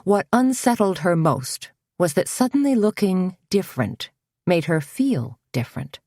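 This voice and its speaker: Low, slow woman narrator. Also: very animated, a little mellow, no room sound, studio quality. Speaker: audiobook narrator. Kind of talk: scripted narration.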